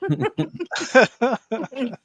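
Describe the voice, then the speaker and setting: A man's voice: extremely high pitch, big pitch swings, very slow, fairly bright tone, slightly rough, dry recording. A male podcast host whose voice swings widely up and down as he banters on a livestream. He jokes crudely and laughs often. The sound is dry and close.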